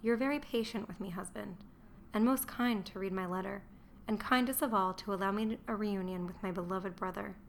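A woman voicing a young foreign-born wife who speaks softly, timid and deferential. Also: medium pitch, fairly quick, creaky, a little hiss or hum, lightly acted. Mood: meek.

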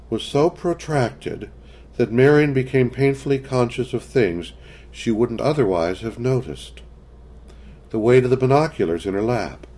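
A man reading a story aloud as narrator, in a measured storytelling manner. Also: medium pitch, a little mellow. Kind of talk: scripted narration.

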